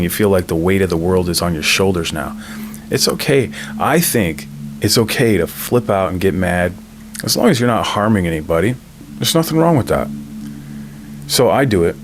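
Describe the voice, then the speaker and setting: A man's voice: on the low side, a little hiss or hum. A man, the channel host, telling a personal story in a casual monologue and often checking in with "right?".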